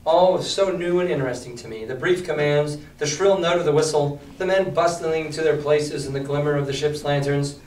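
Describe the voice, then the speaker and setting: A male teacher reading a novel aloud to his class and asking the students questions in an animated way. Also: on the high side, fairly quick, few pauses, a little hiss or hum. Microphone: distant mic. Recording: echoey classroom, distant mic.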